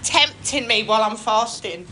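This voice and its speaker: With background noise around her, a middle-aged woman livestreams from outdoors on her phone, greeting viewers by name as she chats and gossips casually. Her pitch is fairly high, her intonation lively, her speed normal.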